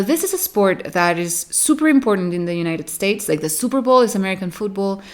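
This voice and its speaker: A woman vlogging to camera in casual chat, rambling with self-mocking, dramatic complaints. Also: medium pitch.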